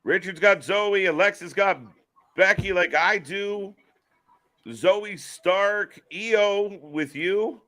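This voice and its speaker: A man's voice: high voice, takes it slowly, bright, forceful tone. A man hosting a live wrestling stream, chatting casually, joking and speaking straight to viewers. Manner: jokey, addresses viewers directly. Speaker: host.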